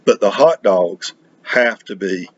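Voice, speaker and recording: Middle-aged guy, lowish voice, halting and rambly, uh after uh. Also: lively intonation, slightly rough, highs cut off. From North Carolina. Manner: rambling, halting, full of uh and restarts. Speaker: record collecting vlogger. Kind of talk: casual chat.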